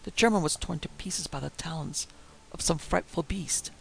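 Gravelly male audiobook narrator. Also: on the high side, a bit bright, slight background noise, rough recording. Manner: dramatic, measured storytelling.

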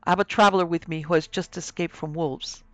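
A man reading aloud, voicing a bold grown forester who talks gruffly with a raised voice. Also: a little high, steady tone, fairly quick, a bit bright, no echo, close to an everyday voice.

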